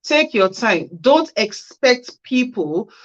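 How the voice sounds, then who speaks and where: A care worker hosting a casual livestream, reading out viewer comments and answering each with chatty, practical advice. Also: female voice, on the high side, sing-song, slow, highs cut off.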